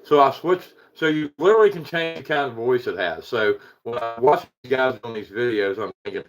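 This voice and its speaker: A rambling man with a drawl, talking to his livestream viewers at an easy mid-range pitch. He chuckles often, puts himself down, and trails off into restarts. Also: a little fast, hardly any pauses, faint music behind. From Eastern United States. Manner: rambling, self-deprecating, chuckles often, greets chatters. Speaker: paranormal livestream host. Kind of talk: casual livestream chat.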